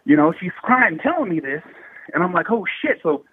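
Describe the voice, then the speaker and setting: A man's voice: a little high, fairly quick, breathy edge, no echo, narrow, tinny audio. A man in his thirties from the Bay Area, telling a paranormal story in slangy, profanity-heavy casual talk. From Bay Area, California. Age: 30s. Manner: heavy swearing, slangy and animated.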